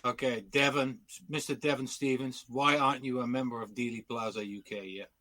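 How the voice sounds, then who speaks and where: A man's voice: medium pitch, fairly even intonation, fairly quick, sharp tone, no echo. A man, guest on a podcast, blunt and joking in casual chat.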